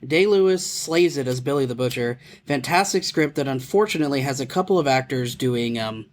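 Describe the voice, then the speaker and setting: Mid-pitched man giving film picks. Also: expressive, fairly quick. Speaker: podcast co-host. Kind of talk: casual film discussion.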